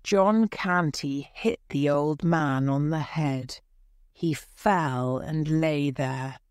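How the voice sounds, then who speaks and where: A woman narrating a graded-reader audiobook in clear, deliberate storytelling. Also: low voice, no echo, studio quality.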